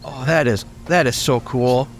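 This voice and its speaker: A man voicing a cheerful, excitable young female dragon in a tabletop game, speaking eagerly. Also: medium pitch, moderate pace, slight background noise, close to an everyday voice. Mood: excited.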